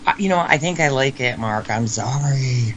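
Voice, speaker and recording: A man co-hosting a podcast, talking casually about music in an animated, joking way, often trailing off mid-sentence. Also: mid-range voice, normal speed, a little hiss or hum. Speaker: podcast co-host.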